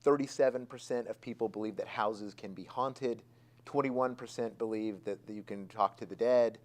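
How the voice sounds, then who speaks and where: A man's voice: fairly low pitch, steady tone, moderate pace. Man emphatically citing statistics. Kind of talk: expert interview.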